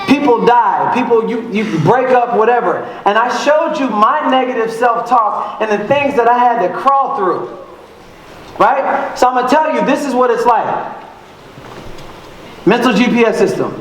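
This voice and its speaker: A man with a very high voice speaks as a motivational speaker on a big stage. He talks with lots of energy, calls out to the crowd and adds playful sound effects. His voice rings through a very echoey hall with faint noise behind it. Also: expressive, normal speed, a bit bright. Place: large event hall.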